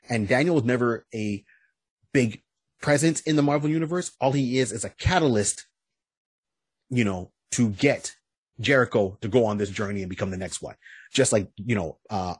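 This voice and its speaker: A man's voice: mid-range voice, moderate pace, slightly rough, dry recording. A man hosting a podcast, casually retelling a comic's plot with many restarts and frequent "you know"s. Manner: lively storytelling retelling. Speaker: podcast host.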